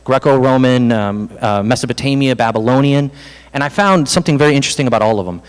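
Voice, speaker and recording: A man preaching a sermon as pastor, in an animated, conversational way with self-deprecating asides. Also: mid-range voice, fast talker, clean tone. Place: church hall. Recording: reverberant hall.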